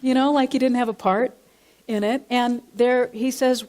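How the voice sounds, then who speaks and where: In a church sanctuary, a woman minister preaches a sermon built around a counseling story, repeating and rephrasing her points along the way. Her voice sits on the high side, with a steady tone, a darkish color, and a normal speed.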